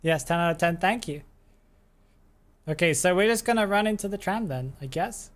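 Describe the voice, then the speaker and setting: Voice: medium pitch, animated, normal speed. A game streamer chatting on a live stream, thinking aloud, answering chat and laughing often. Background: background stream music.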